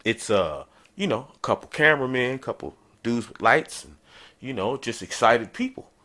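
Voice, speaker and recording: A man hosting a podcast, telling a travel story in a casual, animated storytelling way. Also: moderate pace. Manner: animated, conversational, jumps in pitch for emphasis. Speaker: podcast host.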